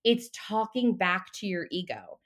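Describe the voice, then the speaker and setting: A woman talking as a mindset coach in a casual podcast interview, animated and a little profane. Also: mid-range voice, unhurried.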